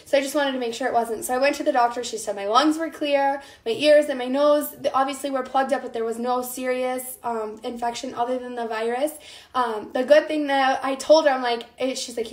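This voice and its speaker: A chatty young woman from the Midwest runs a casual cooking live stream, her voice still recovering from an illness. Her pitch sits a little on the high side, and she greets viewers by name as she talks. The sound carries a noticeable room echo. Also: fairly even intonation, brisk. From American Midwest.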